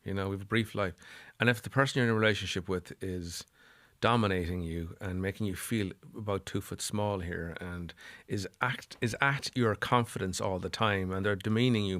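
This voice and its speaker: A man's voice: on the low side, a bit bright, no room sound. A middle-aged Irish man speaking as a psychotherapist guest on a podcast, earnest and repeating phrases for emphasis. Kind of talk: podcast interview.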